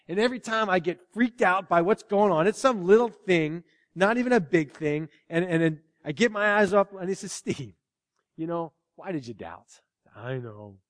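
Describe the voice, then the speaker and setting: A man preaching a sermon, animated, swinging between loud exclamations and hushed asides. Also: fairly high pitch, in a large hall. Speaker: pastor.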